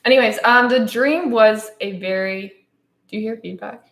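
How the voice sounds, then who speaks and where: A woman's voice: mid-range voice, normal speed, a bit bright. A young woman co-hosting a casual podcast, playful and laughing often, telling stories with dramatic flair. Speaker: podcast co-host. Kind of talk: casual chat. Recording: echoey room.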